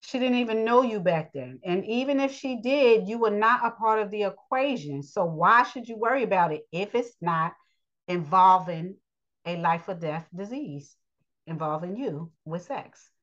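A woman giving a blunt, preachy spoken lesson on relationships, pausing often with fillers. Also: mid-range voice, lively intonation, fairly bright tone, muffled recording. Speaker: teacher of a daily lesson.

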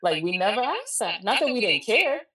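Woman, 40s, interview guest: low, forceful, candid storyteller recorded in a roomy space. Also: moderate pace. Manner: candid, animated, quotes people mid-story. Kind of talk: emotional personal storytelling. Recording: echoey room, distant mic.

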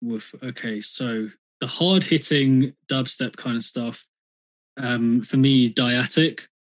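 A man's voice: mid-range voice, fairly even intonation, slow. A British man talking as a podcast guest, rambling and chatty, swearing freely in casual conversation. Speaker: podcast guest, music reviewer.

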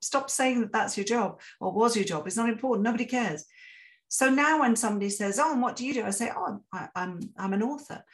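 Candid woman author, chatting. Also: medium pitch. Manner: candid, self-deprecating, laughs often. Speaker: author guest. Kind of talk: casual interview talk.

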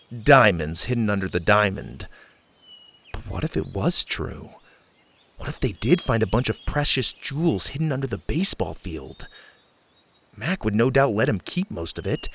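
A man narrating a children's adventure story in an expressive, storytelling manner. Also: mid-range voice, husky. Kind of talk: audiobook narration.

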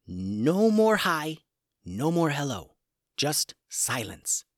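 A man's voice: fairly high pitch, very animated, takes it slowly, no room sound, pitched above the performer's own voice. Bossy brave storybook heroine done by a guy, urgent orders, dry close sound. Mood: stern. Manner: urgent, commanding whisper to shout. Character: bold adult woman hero, bossy and watchful.

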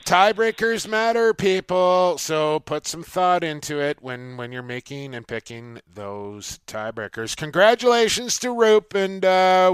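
A man hosting a sports talk show, chatting in an energetic, emphatic way with the odd "uh". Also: fairly high pitch, smooth, dry recording. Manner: energetic, emphatic, says "uh" now and then. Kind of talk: casual sports radio chat.

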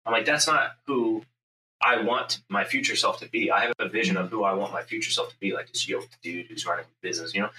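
A man's voice: low voice, steady tone, fast talker, few pauses, sharp tone. A man telling a story in casual podcast chat, intense and profane, acting out his own inner voice. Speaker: podcast host, business owner. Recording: echoey room, mic at a distance, faint ambient noise.

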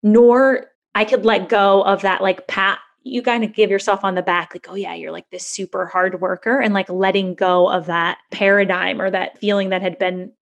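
A woman in her thirties telling a personal story in a candid interview, lively and chatty, acting out the voices of people she quotes. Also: mid-range voice, moderate pace, gravelly, few pauses, highs cut off. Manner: animated, acts out quoted voices, frequent "like" fillers. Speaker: guest.

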